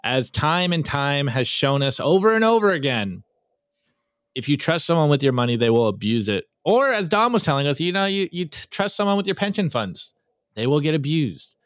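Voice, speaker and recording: Hyped guy running a meme review show, stumbles and repeats words, high voice, dry sound. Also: moderate pace, no echo. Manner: energetic, repeats words when starting sentences. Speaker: podcast host. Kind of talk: casual meme review chat.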